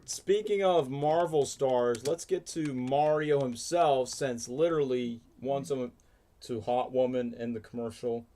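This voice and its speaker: A man hosting a casual reaction livestream, jokey and excitable, chatting with friends over trailers. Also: mid-range voice, measured pace. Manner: excitable, jokey, bursts into loud silly shouts. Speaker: livestream host. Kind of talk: casual reaction stream chat.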